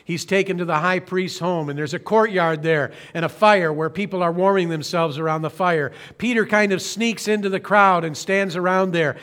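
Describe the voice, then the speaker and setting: Male pastor with a higher-pitched voice, earnest and slow-phrased sermon delivery, occasional self-corrections. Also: fairly even intonation, fairly bright tone. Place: church streaming service.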